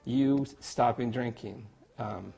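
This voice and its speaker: Gravelly, husky man, emotional. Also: mid-range voice, warm tone, faint music behind. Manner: emotional, halting, self-deprecating. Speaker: longtime best friend. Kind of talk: personal video message. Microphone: camera.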